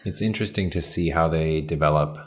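An easygoing man with a very deep voice chats and reflects in a casual conversation. He tells his stories in a thoughtful way. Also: brisk.

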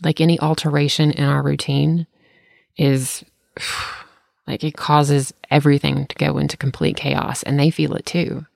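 A woman speaking in an easygoing, conversational way, her voice catching in a gravelly fry. She tells a candid family story with self-deprecating humor. The sound is dry and close, with no room around it. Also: low voice, flat delivery, a little slow, darkish tone, no echo.

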